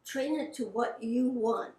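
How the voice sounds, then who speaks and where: An older woman, a veteran voice actress, shares anecdotes in a chatty, casual way and acts out the people in her stories. Her voice sits a touch high. It is recorded from a distance in a roomy, echoing space. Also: unhurried, warm tone. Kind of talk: casual storytelling.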